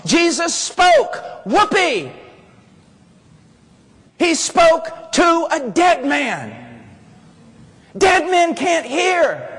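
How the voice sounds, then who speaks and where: A male preacher with a very high voice delivers an animated sermon, acting out little scenes and climbing to shouts at his peaks. His words ring out with the long reverb of a large hall.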